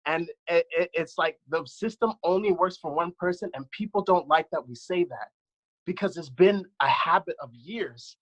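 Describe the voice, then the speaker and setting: A man's voice: on the high side, moderate pace, a bit bright, poor audio. A man in his thirties, a dance choreographer, giving an earnest, impassioned account as a panelist over a video call. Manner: earnest, impassioned, speaks from the heart.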